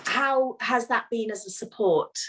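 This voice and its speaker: Woman host, fairly high voice, encouraging and brief with her prompts. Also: measured pace. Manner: encouraging, prompts with short questions. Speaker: interview host. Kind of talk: casual interview chat.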